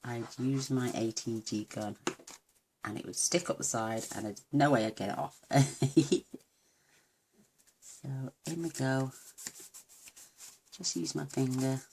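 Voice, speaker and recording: A woman's voice: extremely low pitch, moderate pace, pauses often, a little mellow, a little hiss or hum. A woman giving a chatty, homely papercraft tutorial at her craft table, full of self-deprecating asides. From United Kingdom. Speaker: papercraft demonstrator.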